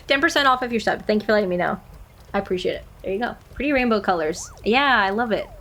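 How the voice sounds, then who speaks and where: A woman's voice: medium pitch, animated, fast talker, a bit bright. A woman streaming a game, chatting casually and laughing often. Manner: giggly, chatty.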